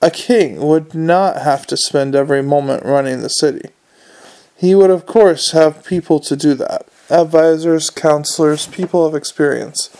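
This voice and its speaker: A man voicing a smooth, scheming male aristocrat who speaks in a polished, wheedling way. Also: on the high side, moderate pace, mellow, lightly acted.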